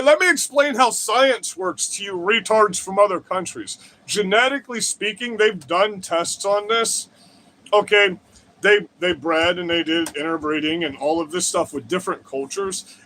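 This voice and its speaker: Swearing often and wandering off on digressions, a man hosting a livestream rants crudely and combatively about politics to his chat. He has a high, bright voice with a forceful tone, plus a little hiss or hum.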